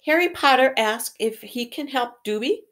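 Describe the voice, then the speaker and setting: A woman reading a novel aloud slowly, correcting her slips and pausing to comment on the story. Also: on the low side. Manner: slow, careful, stops to correct misread words. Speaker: reader. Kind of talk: read-aloud with think-aloud comments.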